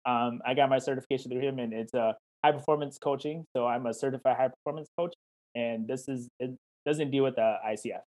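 A man's voice: mid-range voice, fairly even intonation, fairly quick. Encouraging male coach on a video call. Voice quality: warm, encouraging, talks in questions and quoted dialogue. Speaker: certified life coach. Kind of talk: interview answers, casual chat.

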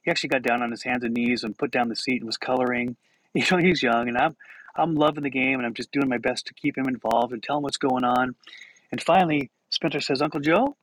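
A man's voice: medium pitch, steady tone, fast, a bit bright, dry recording, low-quality recording. A middle-aged man hosting a podcast, telling self-mocking stories and laughing through them. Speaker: podcast host. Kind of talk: storytelling monologue.

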